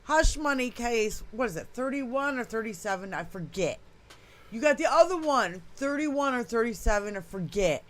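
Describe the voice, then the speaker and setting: High-voiced woman ranting with profanity. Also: lively intonation, moderate pace. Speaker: podcast co-host. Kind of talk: casual political podcast chat.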